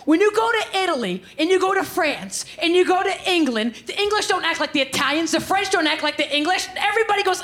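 A woman performing a stand-up set, animated and acting out characters in quick quoted voices. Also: very high-pitched. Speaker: stand-up comedian.

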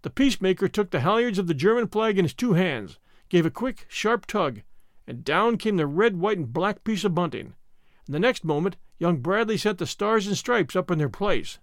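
A man narrating an adventure story in an expressive storytelling manner. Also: sits high, moderate pace, no room sound, studio quality. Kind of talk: scripted narration.

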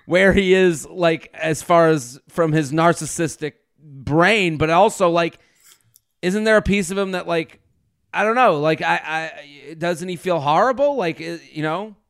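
Smooth-voiced man asking rambling questions. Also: on the high side, a little slow. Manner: animated, rambling questions with many restarts. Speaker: podcast co-host. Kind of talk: casual interview chat.

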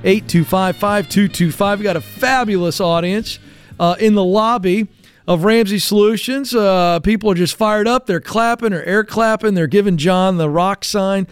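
A man's voice: high-pitched, normal speed, smooth, soft background music. Upbeat chatty male radio host. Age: 40s. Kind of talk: live radio talk show. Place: broadcast studio. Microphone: studio microphone.

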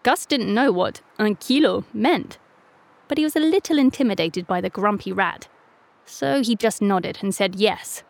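A woman narrating a children's story in a playful, lively reading voice. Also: mid-range voice, moderate pace, gravelly, no room sound.

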